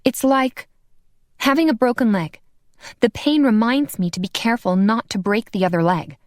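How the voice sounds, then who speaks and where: A woman's voice: fairly high pitch, moderate pace, darkish tone, no room sound, clean studio sound, pitched above the performer's own voice, lightly acted. A woman voicing a wry, defensive, hot-tempered female vampire in an audiobook. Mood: guarded. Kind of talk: audiobook character voice.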